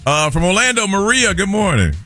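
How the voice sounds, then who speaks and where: A man's voice: high voice, sing-song, fairly quick, pushed and bright, soft background music. A man hosting a call-in radio show, taking callers and laughing along with their stories. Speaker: radio host.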